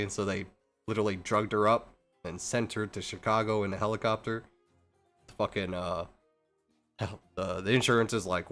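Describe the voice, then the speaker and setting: Low-voiced man cursing through a ramble. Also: little pitch movement, moderate pace, a bit bright, faint music behind. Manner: profane, rambling, many restarts. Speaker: game streamer. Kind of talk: casual rambling chat while gaming.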